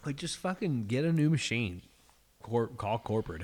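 A man co-hosting a casual podcast, his voice sitting at an everyday middle pitch. He vents in a profane, exasperated rant about small everyday annoyances. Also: big pitch swings, moderate pace, darkish tone. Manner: profane, ranting, exasperated venting. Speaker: podcast co-host. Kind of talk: casual chat.

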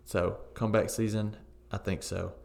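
A man with a deep, gravelly voice chats casually about football results. He is opinionated but relaxed, often pausing on "uh" and "um" as he thinks. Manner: relaxed, opinionated, frequent fillers. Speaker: co-host of a football podcast. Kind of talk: casual sports chat.

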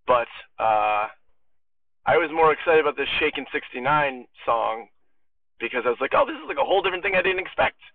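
A man's voice: on the high side, vocal fry. Rambling man on a tinny voicemail. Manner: rambling, searches for words, self-mocking. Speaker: voicemail caller. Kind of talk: rambling phone message. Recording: tinny phone line from far off.

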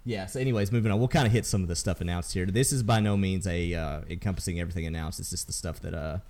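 Man, very low voice, podcast host, casual gaming chat, rambling. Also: quick pace, darkish tone. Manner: rambling, full of ums and restarts.

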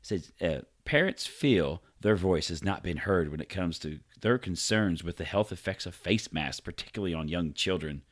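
Deep-voiced man reading the news jokingly. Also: lively intonation, moderate pace, hardly any pauses. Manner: reads stories aloud with jokey asides, stumbles on names and swears. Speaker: podcast co-host reading news. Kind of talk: casual podcast banter.

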